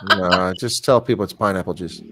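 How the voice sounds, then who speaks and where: Fast-talking wisecracking man. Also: deep voice, pushed and bright, a little hiss or hum. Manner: wisecracking, rambling asides. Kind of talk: casual chat on a video call.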